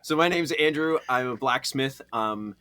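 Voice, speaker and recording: A man co-hosting a podcast as a blacksmith, chatting in a relaxed, rambling, joking way. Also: mid-range voice, normal speed. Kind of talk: casual chat.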